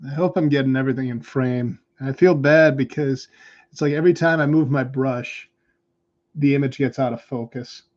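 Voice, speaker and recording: Chatty American man on a mellow stream. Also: mid-range voice, normal speed, highs cut off. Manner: self-deprecating, chatty, musing aloud while working. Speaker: streamer painting miniatures. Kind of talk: casual livestream chat.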